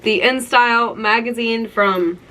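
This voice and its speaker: A woman's voice: on the high side, a little slow, pushed and bright, rough recording. A young woman in her twenties talking through a keepsake collection, gushing and nostalgic, with lots of "like". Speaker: vlogger. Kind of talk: casual show-and-tell vlog.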